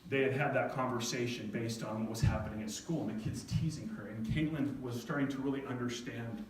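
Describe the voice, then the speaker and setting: A man's voice: mid-range voice, fairly even intonation, a little fast, a little hiss or hum. A middle-aged man telling a heartfelt, self-deprecating family story to an audience, now and then near tears. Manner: heartfelt, self-deprecating, quoting his daughter. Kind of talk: storytelling talk. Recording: echoey hall, voice from far off.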